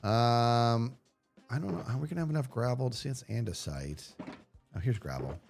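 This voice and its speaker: Male streamer, casual live gameplay commentary, lively swooping pitch, mid-range voice, chatty, faint music behind. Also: normal speed, vocal fry. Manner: chatty and animated, yelling playfully at enemies. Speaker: video game streamer.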